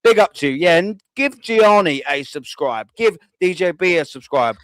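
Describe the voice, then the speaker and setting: A rowdy man hosts a live stream, swearing cheerfully as he fires off shout-outs. His voice sits a little high for a man, and it comes through close and dry with no room echo. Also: lively intonation, moderate pace. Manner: loud and boisterous, swearing freely. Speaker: host of a live fan show.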